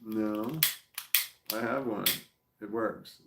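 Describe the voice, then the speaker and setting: A man with a Southern American accent, talking casually as he reads viewer comments aloud. His voice sits fairly low, and his talk rambles and stops and starts between small chuckles. The room around him sounds echoey. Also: extremely slow, creaky, heavy background noise. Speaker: vlogger reading live comments. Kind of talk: casual livestream chat.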